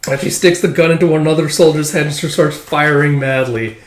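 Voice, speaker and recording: A man casually reading through a manga aloud, excitable and animated, acting out the lines. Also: on the high side, brisk, echoey room. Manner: excitable, laughs often, acts out lines. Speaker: comic reader and commentator.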